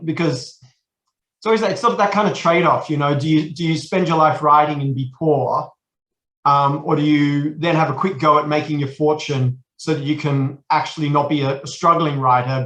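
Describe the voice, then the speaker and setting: A man's voice: a little high, steady tone, normal speed, fairly bright tone, roomy sound. An Australian man in his forties, a podcast guest, talking casually and rambling with many restarts. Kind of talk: casual chat.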